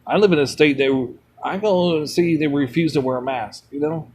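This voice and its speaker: A man's voice: a little high, normal speed, a little mellow, breathy edge. A man streaming a mobile game, rambling bluntly between chat replies and swearing freely. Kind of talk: rambling casual chat while gaming.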